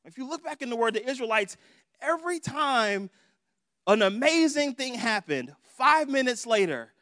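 A man's voice: very high-pitched, sing-song, moderate pace, bright, forceful tone, no room sound, studio quality. A young adult man preaching a sermon in a conversational way, acting out prayers in different voices. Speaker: pastor.

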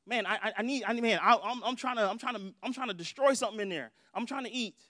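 A pushy, hungry wolf demands to be let in with casual street talk, as a preacher acts him out. The voice sits high for a man, and the sound is dry and close. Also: fast talker, sharp tone, dry recording. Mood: hungry, demanding. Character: hungry big bad wolf, male, pushy.

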